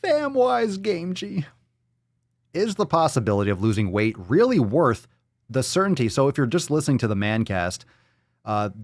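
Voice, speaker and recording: A man hosting a fitness podcast, ranting with plenty of swearing and sarcasm. His pitch jumps around a lot as he gets exasperated. The sound is dry and close. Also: no room sound. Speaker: podcast host.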